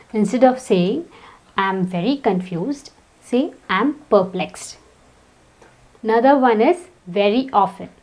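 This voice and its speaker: A woman teaching an English vocabulary lesson, speaking in a slow, deliberate, careful way. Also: fairly high pitch, a little mellow, poor audio.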